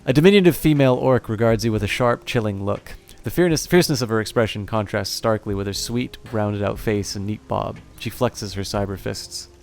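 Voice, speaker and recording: Male streamer, low and gravelly, rambling, apologetic, reads a game aloud. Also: brisk, few pauses, faint music behind. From Canada. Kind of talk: casual chat and reading a game aloud.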